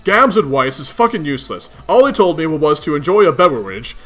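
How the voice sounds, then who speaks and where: A man voicing a cranky, foul-mouthed teenage male troll leader who rants in gruff exasperation. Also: on the high side, sing-song, brisk, a bit bright. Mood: exasperated. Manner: gruff, exasperated ranting with heavy swearing.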